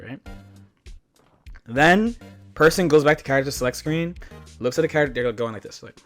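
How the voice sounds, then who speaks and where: A slightly high-voiced man rambles through tournament stories, swearing freely and laughing often. Light music plays faintly underneath his streaming chatter. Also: normal speed, long pauses. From United States. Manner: animated storytelling with frequent laughs and swearing. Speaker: streamer reacting to a video. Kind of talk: casual profane chat.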